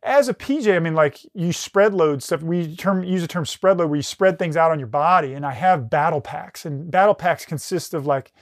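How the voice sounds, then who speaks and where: A man's voice: a little high, moderate pace, hardly any pauses, dry recording, studio quality. A middle-aged man, a retired military rescue specialist, tells a combat story in casual conversation, swearing heavily and restarting his sentences often. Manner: intense, heavy swearing, frequent restarts.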